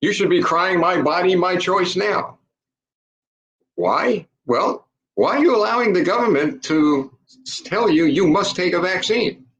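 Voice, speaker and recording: A man's voice: sits high, lively intonation, measured pace, a bit bright, echoey room, lo-fi sound. An older man giving an impassioned political monologue, emphatic and repeatedly calling his listeners folks. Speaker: political commentator.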